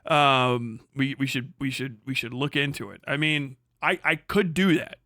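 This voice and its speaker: A man's voice: mid-range voice, steady tone, moderate pace, pushed and bright, no echo, studio quality. A man hosting a livestream, ranting casually, swearing a lot and laughing as he mocks his critics. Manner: profane, mocking, laughing often, puts on prissy voices to mock critics. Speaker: livestream host.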